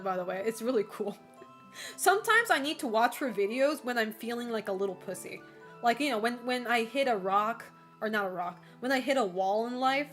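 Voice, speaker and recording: A woman's voice: on the high side, fairly bright tone. Rambling young woman streamer. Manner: rambling, filler-heavy, casual swearing, frequent laughter. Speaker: livestreamer. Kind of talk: casual chat while streaming.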